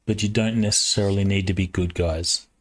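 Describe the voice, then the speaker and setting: A man acting as game master, talking through plans casually with his players. His voice sits on the low side, and he speaks in a relaxed way with hesitant pauses. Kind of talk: casual tabletop session chat.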